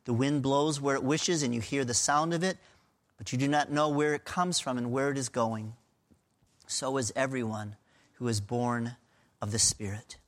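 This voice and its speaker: A man's voice: mid-range voice, moderate pace. A middle-aged man from Pennsylvania preaching a sermon as a pastor, in an earnest, emphatic and conversational way. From Pennsylvania, USA.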